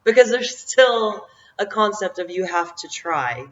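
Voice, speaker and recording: A woman's voice: mid-range voice, lively intonation, unhurried, a bit bright. Middle-aged woman, everyday mid-range voice, encouraging vlog talk, meandering and self-amused, lo-fi recording. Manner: reflective, meandering, often laughing at herself. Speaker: vlogger giving life encouragement. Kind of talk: motivational talk to camera. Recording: dull lo-fi audio.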